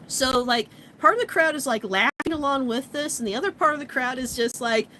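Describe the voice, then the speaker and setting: High-voiced chatty woman vlogger. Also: brisk, a little hiss or hum, low-quality recording. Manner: chatty, animated, frequent "like". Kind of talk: casual show recap.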